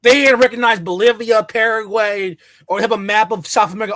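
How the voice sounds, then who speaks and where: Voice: medium pitch, fairly even intonation, brisk, hardly any pauses, fairly bright tone, no room sound. A channel host giving a heated, profane solo commentary, full of sarcasm and mocking imitations of others. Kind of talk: solo ranting commentary to camera. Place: in the United States.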